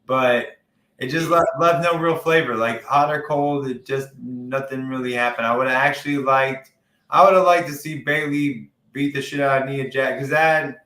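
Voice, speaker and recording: A podcast co-host rambles through his opinions in casual wrestling chat, swearing plenty. His voice has an ordinary middle pitch for a man, with a steady, sharp tone at normal speed, and it sits in a roomy space with a clear echo.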